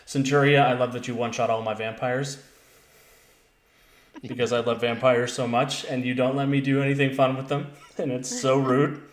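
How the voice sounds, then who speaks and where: A man's voice: medium pitch, level tone, moderate pace. Upbeat male game master for a tabletop stream, recorded with some room echo. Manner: enthusiastic, laughing often. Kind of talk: tabletop role-play stream intro. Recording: roomy echo.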